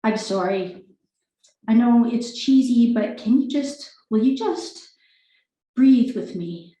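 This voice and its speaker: A woman reading the part of a weary, tearful mother, halting and apologetic, in an echoey room at a live reading. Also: on the high side, mellow, far from the mic. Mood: weary rambling. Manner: halting, apologetic, breathy sighs. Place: live reading event indoors.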